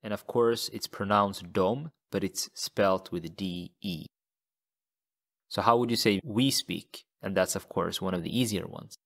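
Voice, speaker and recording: A man with a low, gravelly voice teaches a language lesson. He speaks very slowly and deliberately, and he repeats each example phrase so listeners can follow. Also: fairly bright tone.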